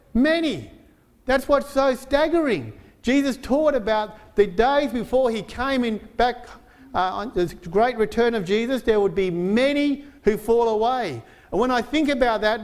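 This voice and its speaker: A male pastor preaching a sermon in an earnest way, slowing down to stress quoted verses. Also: high-pitched. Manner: frequent fillers and restarts while preaching.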